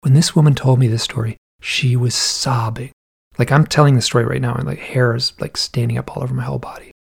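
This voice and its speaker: Gravelly, husky man telling a story. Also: mid-range voice, fast talker. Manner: animated, vivid, rambling with restarts. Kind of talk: casual storytelling.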